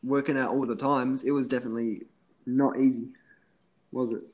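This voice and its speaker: A man's voice: medium pitch, flat delivery, normal speed, darkish tone, rough recording. A man with an Australian accent, chatting casually and agreeably on a podcast, laughing often. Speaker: podcast guest.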